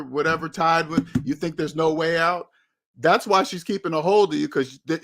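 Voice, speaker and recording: A man with a slightly raised pitch, speaking to camera on his own channel. He gives candid relationship advice in a blunt, emphatic way and leans on repetition to drive each point home. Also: fairly bright tone. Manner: blunt, emphatic, repeats phrases for stress. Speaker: channel host.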